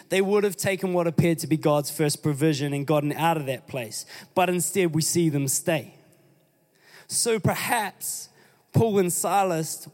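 A man preaching a sermon, reading scripture and urging his congregation on with emphatic exhortations. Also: high voice. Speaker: pastor. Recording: long hall reverb.

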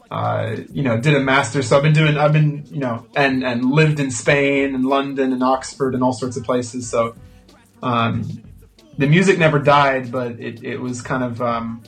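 An American man talks as a guest in an interview, slow to find his words and pausing often. His voice sits at an ordinary middle pitch. Faint music runs underneath. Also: vocal fry. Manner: hesitant, thoughtful, many fillers. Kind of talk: casual interview chat.

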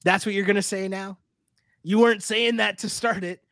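A man's voice: high-pitched, steady tone, moderate pace, a bit bright, no room sound, studio quality. A man co-hosting a casual recap podcast, ranting emphatically and fired up. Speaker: podcast co-host.

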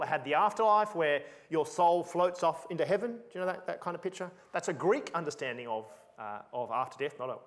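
Emphatic, lively male preacher. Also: on the high side. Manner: emphatic, animated, repeats for emphasis. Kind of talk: sermon.

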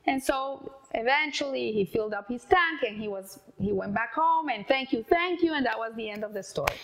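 A woman casually telling an inspirational story, halting and repeating words as she goes. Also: a little high, fairly bright tone, slight background noise.

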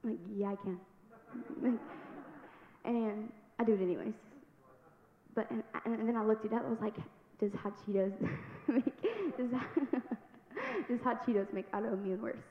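A young woman giving a personal testimony in church, telling her story earnestly and building to loud exhortation. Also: fairly high pitch, animated, unhurried. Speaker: youth speaker giving testimony. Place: large church sanctuary. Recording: echoey hall, dull sound, faint noise.

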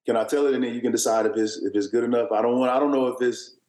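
A basketball player in his thirties, guesting on an interview show, tells a long, meandering story crammed with fillers and restarts. His mid-range, slightly mellow voice is steady and rapid-fire, captured in a roomy, low-quality recording.

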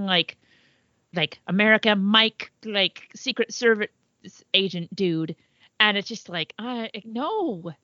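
A woman co-hosting a podcast, chatting casually and swearing freely, often trailing off mid-thought. Her voice sits at a middling pitch. The recording is dry, with a slightly dull, muffled tone. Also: bright, forceful tone, no room sound. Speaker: podcast co-host. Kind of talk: casual chat.

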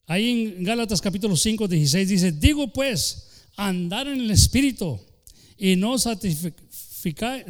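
A man delivers a fervent sermon from the pulpit in a slightly high voice. He swings from loud, declaiming lines to quiet, hushed ones and slips into other voices to act out quotes. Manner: fervent preaching with sudden shifts from loud to soft; acts out quoted voices, including the devil. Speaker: pastor. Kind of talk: bilingual sermon.

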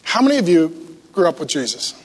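A man's voice: fairly high pitch, a little fast. A man preaching a humorous sermon to a church congregation, playfully acting out the voices he quotes. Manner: animated, talks to the congregation.

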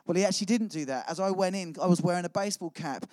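Brief: male preacher, middle-aged, slightly high voice, casual self-deprecating testimony. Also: rapid-fire, darkish tone, no echo. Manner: chatty, self-mocking storytelling. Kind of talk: sermon with personal testimony.

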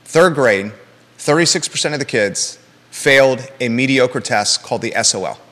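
A man's voice: mid-range voice, expressive, moderate pace, a bit bright, big-room sound. A man hosting a live local talk show, blunt and emphatic, with joking asides.

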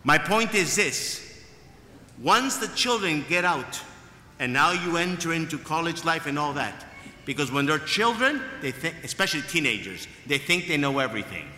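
A man's voice: fairly high pitch, sing-song, normal speed, pushed and bright. A man preaching a sermon as a priest, emphatic and fond of repeating his phrases. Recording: echoey hall with long reverb.

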